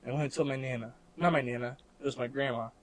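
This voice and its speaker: A man's voice: medium pitch, fairly even intonation, racing. Rambling young man on a podcast. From Missouri, American Midwest. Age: young adult. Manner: rambling, full of "like" and restarts, laughs often. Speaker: podcast co-host. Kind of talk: casual chat.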